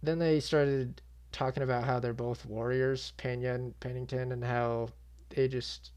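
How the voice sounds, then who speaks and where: A man's voice: mid-range voice, little pitch movement, unhurried, darkish tone, clean tone. A young man with a mid-range voice talks straight to his audience in a loose, unscripted recap. He is blunt and exasperated, and he swears freely. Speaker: MMA channel host. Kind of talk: casual reaction commentary.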